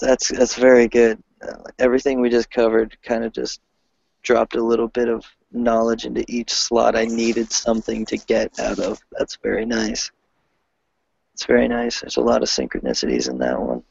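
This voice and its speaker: A man talking in a casual group video call, rambling and excitable, often breaking into laughter. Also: mid-range voice, gravelly, dry recording. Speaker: host. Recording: dull lo-fi video call audio.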